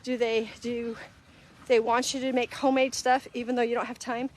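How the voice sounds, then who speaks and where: A woman's voice: on the high side, flat delivery, moderate pace. A middle-aged woman hosting a casual live-stream talk, earnest and conversational, acting out little quoted exchanges as she goes. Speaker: host.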